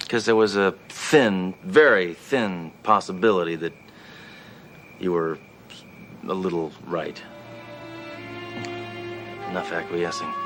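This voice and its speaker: An actor playing a blustering, self-assured police detective with a gruff, deadpan delivery. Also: male voice, deep voice, takes it slowly, long pauses, soft background music, low-quality recording. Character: blustering, trigger-happy male police detective. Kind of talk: 1980s TV sitcom acting.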